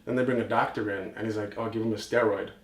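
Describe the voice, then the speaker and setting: A man co-hosting a podcast, telling a story in a rambling, animated way, acting out quotes and swearing. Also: on the low side, fast. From New York. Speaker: podcast co-host. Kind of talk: casual storytelling chat. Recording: echoey room.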